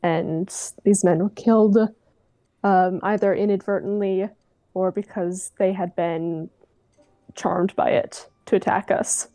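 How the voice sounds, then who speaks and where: A woman at a tabletop game explains calmly and slowly. Her mid-pitched voice is mellow and sounds close and dry. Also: no room sound. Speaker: player. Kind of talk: in-character tabletop play.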